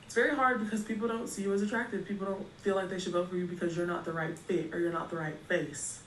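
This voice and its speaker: A woman's voice: fairly low pitch, steady tone, quick pace. A young woman speaking bluntly and with exasperation to camera about campus life. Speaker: college student creator. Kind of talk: opinionated talk to camera. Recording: roomy, distant, faint noise.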